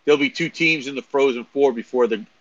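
A man co-hosting a casual sports chat show, talking in a dry, teasing way with halting restarts. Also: mid-range voice, no room sound, dull audio. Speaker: co-host.

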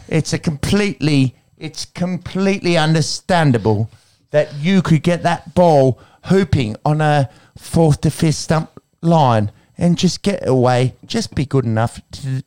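A man putting on a high falsetto woman's voice, coaxing like a mother to a shy teen. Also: lively intonation, a little slow, few pauses, a little mellow, clean tone. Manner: mock-soothing, high falsetto put-on voice.

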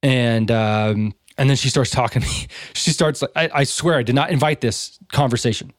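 Animated man telling a story, swearing. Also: mid-range voice, normal speed, dry recording, studio quality. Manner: animated, swearing, acts out quoted voices. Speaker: podcast co-host. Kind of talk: casual storytelling chat.

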